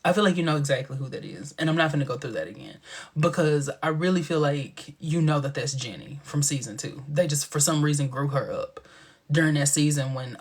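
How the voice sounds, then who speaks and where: A man's voice: a little high, breathy edge. A man hosting a casual live stream, chatting to viewers in a playful, sassy way with lots of laughter and dramatic asides. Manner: animated and playful, with frequent laughter.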